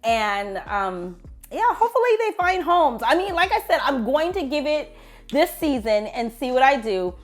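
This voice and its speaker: Woman vlogger, chatty, higher voice, talks to viewers like girlfriends. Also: sing-song, normal speed. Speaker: beauty vlogger. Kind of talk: casual chat to viewers.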